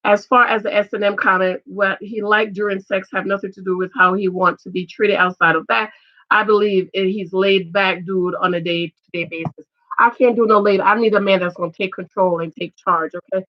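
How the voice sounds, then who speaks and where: A middle-aged woman giving loud, emphatic casual commentary on a reality show and reading viewer comments. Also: medium pitch, fairly even intonation, a little fast, dull audio. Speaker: vlogger reviewing a reality show.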